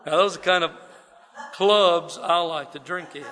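A Texas drawl carries this middle-aged South Texan's folksy recovery story, told with self-mockery to a live audience. The voice is a touch high and fairly bright, moving at a moderate pace, and the room adds a long hall reverb.

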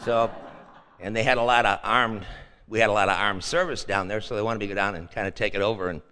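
An older man shares rambling personal stories at a meeting, repeating himself in a folksy way. His voice is bright and forceful, and it rings with a long reverb from the hall. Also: lowish voice, steady tone, fast, smooth. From Chicago. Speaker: speaker sharing at a meeting.

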